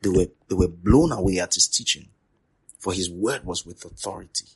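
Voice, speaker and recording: Male preacher, low husky voice, emphatic and repetitive sermon delivery. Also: moderate pace. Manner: repetitive, emphatic, swings from loud to quiet. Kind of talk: sermon teaching.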